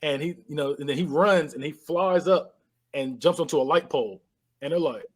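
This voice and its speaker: A man co-hosting a podcast, casually retelling a movie scene by scene and acting out the characters' lines with lively voice changes. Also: a little high, moderate pace. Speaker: podcast co-host. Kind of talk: casual movie recap chat.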